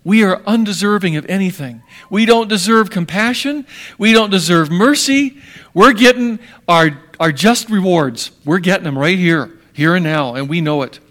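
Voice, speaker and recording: High-voiced preacher, hushed to emphatic. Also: male voice, normal speed. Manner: dramatic, swings from hushed to emphatic. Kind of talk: sermon.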